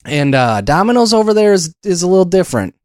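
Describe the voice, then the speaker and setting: A man's voice: sits high, sing-song, fast talker, darkish tone, no echo, studio quality. A man co-hosting a podcast in casual chat, telling rambling stories and acting out the back-and-forth with other people. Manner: rambling storyteller who acts out quoted exchanges. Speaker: podcast co-host.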